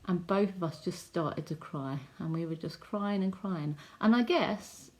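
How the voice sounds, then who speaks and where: A woman's voice: fairly low pitch, unhurried. A woman giving a personal faith testimony in an earnest, chatty storytelling way, full of likes and ums. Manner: earnest, heartfelt. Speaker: testimony speaker.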